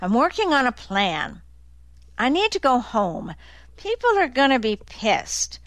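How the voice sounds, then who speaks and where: A woman's voice: a little high, wildly swooping pitch, measured pace, no room sound, pitched above the performer's own voice, full character voice. A woman reading the lines of a tense young man on the run who snaps and sounds anxious. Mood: tense, snapping. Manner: sharp, snapping, anxious.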